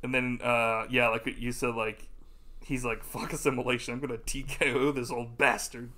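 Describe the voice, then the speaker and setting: Podcast guy w/ a bright voice, swears a lot, laughs, yells out quotes. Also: mid-range voice, flat delivery, normal speed. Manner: profane, laughing, bursts into loud impressions. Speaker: podcast co-host. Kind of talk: casual movie chat.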